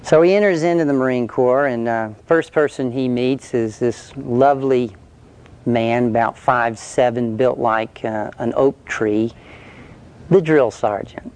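A man's voice: mid-range voice, a little slow, darkish tone. A male preacher telling an illustration story in a conversational sermon, then leading a prayer.

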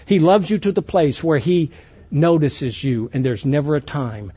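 A man preaching a sermon to a youth conference, emphatic and preacherly, swinging between loud passages and hushed ones. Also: fairly high pitch, normal speed, husky, highs cut off.

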